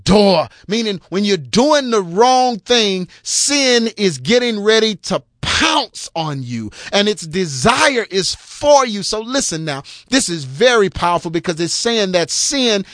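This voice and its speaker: A man's voice: high voice, big pitch swings, a little slow, hardly any pauses, fairly bright tone, no room sound, studio quality. A man preaching a sermon in a colloquial, emphatic and scolding way.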